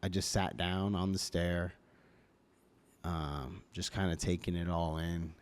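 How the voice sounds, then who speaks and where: A young man tells a personal story as a guest in a laid-back podcast interview, recorded in a studio on a podcast microphone. His low-pitched voice is level, slow and clean, though his delivery is hesitant, with many fillers and restarts.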